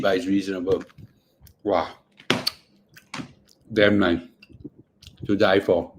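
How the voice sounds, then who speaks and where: A man's voice: on the low side, a little mellow, a little hiss or hum. A middle-aged man with a Singaporean English accent, hosting a casual livestream, chatting in Singlish with bits of Mandarin and murmuring between bites. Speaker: finance livestream host.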